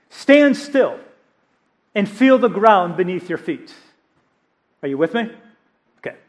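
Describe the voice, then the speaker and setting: A man with a high voice preaches from a church stage. He retells his story with animated energy and plays each quoted voice himself. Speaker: pastor. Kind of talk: sermon.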